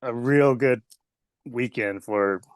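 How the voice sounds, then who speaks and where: A man's voice: mid-range voice, slow pace, no room sound. A man with a slight Southern US accent, a former wrestler telling rambling stories in an interview, often laughing and acting out voices. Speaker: former pro wrestler guest. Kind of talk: casual storytelling interview.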